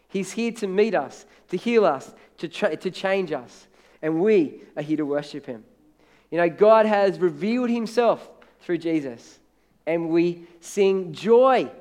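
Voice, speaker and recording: A man preaching a sermon as pastor, reading hymn lines aloud and half-singing them, his loudness rising and falling. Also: high voice. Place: church.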